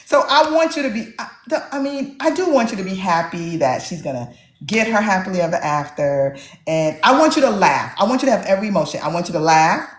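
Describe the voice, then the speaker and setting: A woman author in a casual interview, telling stories with animated energy. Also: mid-range voice, brisk, echoey room. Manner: animated storyteller, acts out quotes. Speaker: author guest.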